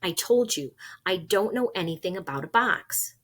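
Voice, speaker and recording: A frightened young boy, as a woman reader puts him on, pleading and crying out for help. His voice turns husky and strained as he calls out in a children's storybook. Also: lowish voice, lively intonation, normal speed, fairly bright tone. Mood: evasive. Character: frightened quick-witted boy.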